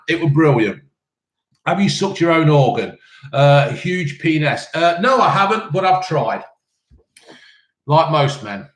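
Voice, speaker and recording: A man's voice: a little high, animated, unhurried, echoey room. Blunt, sweary man in his fifties. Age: 50s. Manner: blunt, sweary, cheeky banter. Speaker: live-stream host reading chat questions. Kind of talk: casual live chat.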